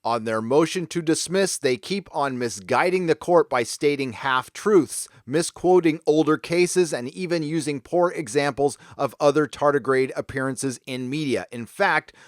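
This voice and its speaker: A man hosting a commentary vlog who talks emphatically and keeps dropping sarcastic asides. His voice sits a little high. The sound is dry and close, with no room around it. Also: normal speed, few pauses, no echo. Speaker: commentary channel host.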